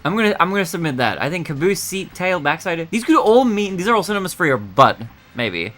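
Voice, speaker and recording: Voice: medium pitch, sing-song, a little fast, fairly bright tone, faint music behind. A streamer thinking aloud while solving word puzzles, muttering guesses and laughing often.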